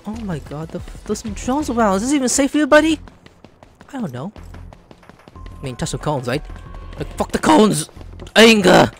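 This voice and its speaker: A woman commenting casually over a video game, ranting and swearing as she reacts. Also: mid-range voice. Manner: swears and rants loudly, animated. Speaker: let's play gamer.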